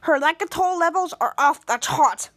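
A high-pitched woman hosts a casual podcast, recapping a TV episode and slipping into the characters' lines as she tells it. Her voice is bright and lively, and it sounds close and dry with no room echo. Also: moderate pace. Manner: lively retelling, acting out quoted dialogue. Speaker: podcast host.

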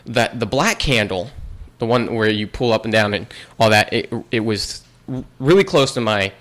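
A man's voice: fairly low pitch, expressive, moderate pace, fairly bright tone. A young man in casual chat, telling a long story with many restarts and bursts of laughter.

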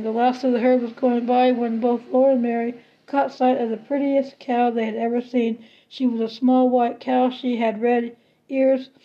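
High-voiced woman reading a children's novel. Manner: steady, plain read with small restarts. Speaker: narrator. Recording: slightly muffled lo-fi recording.

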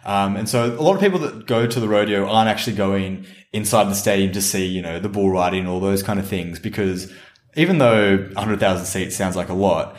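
An Australian man co-hosting a podcast, telling a travel story in a relaxed, rambling way. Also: on the low side, brisk. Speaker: podcast co-host. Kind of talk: casual chat, storytelling. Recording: roomy echo.

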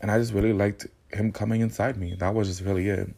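A man's voice: lowish voice, flat delivery, fast, creaky, mellow. A man hosting a podcast, telling a personal story in a sassy, candid and slangy casual monologue. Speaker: podcast host.

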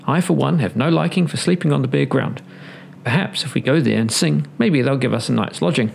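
A man voicing a steady, kindly old male donkey who speaks calmly and measuredly. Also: mid-range voice, a little fast, creaky, slight background noise.

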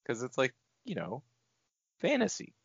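A man's voice: fairly low pitch, sing-song, brisk, a bit bright, no room sound. A young man co-hosting a podcast in easygoing casual chat. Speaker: podcast co-host. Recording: dull lo-fi podcast audio, dry.

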